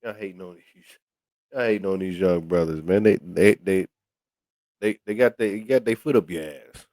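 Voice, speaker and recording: A man's voice: moderate pace, no room sound, studio quality. A man hosting a podcast, talking casually with many restarts and repeated words. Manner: stammering restarts, lively pitch swings. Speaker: podcast host. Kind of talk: casual commentary.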